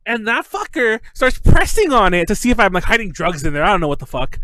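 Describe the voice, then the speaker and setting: Podcast host, male, high and animated, loose storytelling with cursing. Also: fast talker, few pauses. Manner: animated storytelling, swearing, laughing often. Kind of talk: casual chat.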